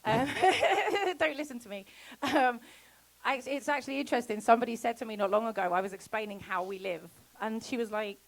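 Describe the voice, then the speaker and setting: A woman giving a casual festival talk about homesteading, chatty and quick to laugh, acting out quoted conversations. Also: fairly high pitch, gravelly, poor audio. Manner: chatty, laughs often, acts out quoted exchanges. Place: festival talk before an audience.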